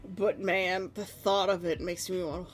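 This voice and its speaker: A woman in her thirties chatting casually with her stream viewers, animated and laughing often. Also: lowish voice, measured pace, soft background music.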